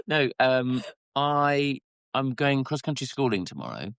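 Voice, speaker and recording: A man co-hosting a casual podcast chat, telling stories with halting restarts. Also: very animated, gravelly, fairly bright tone, clean tone, no room sound, clean studio sound. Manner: rambling storyteller, halting restarts, squeaky quoted voices. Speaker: podcast co-host.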